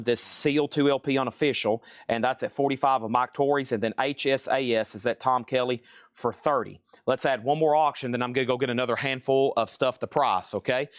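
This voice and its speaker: A man running a live record sale, calling out items, bids and prices in a brisk, chatty way. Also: mid-range voice, no room sound, studio quality.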